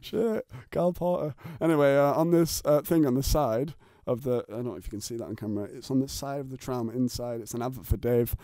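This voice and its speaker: A man's voice: medium pitch, quick pace, hardly any pauses, mellow, no room sound, clean studio sound. A man hosting a podcast from his bedroom, chatting in a rambling, jokey and crude way and laughing often. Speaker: podcast host. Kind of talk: casual chat. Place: bedroom at home.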